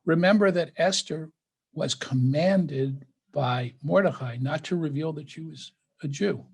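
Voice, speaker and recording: Older male rabbi for a scripture class: raised pitch, husky and gravelly, reads a passage then unpacks it casually, video call sound. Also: measured pace. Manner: reads scripture aloud, then explains it conversationally. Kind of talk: scripture study lecture.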